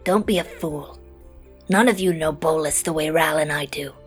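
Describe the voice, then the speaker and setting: A male narrator voicing a fierce, blunt gorgon queen with a husky voice and curt delivery. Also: on the high side, moderate pace, soft background music, lightly acted. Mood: scornful. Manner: curt and forceful.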